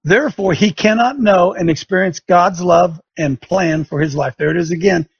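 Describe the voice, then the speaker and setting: A man's voice: sits high, normal speed, slightly rough, dull audio. A man hosting a religious talk show, preaching with sarcasm and rising fire. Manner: fiery, sarcastic, rising to shouts.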